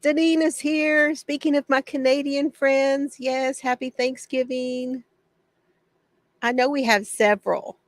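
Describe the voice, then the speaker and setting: A woman's voice: high voice, flat delivery, measured pace, no room sound. A woman hosting a casual craft livestream from her home shed, greeting viewers by name, chatty and often laughing.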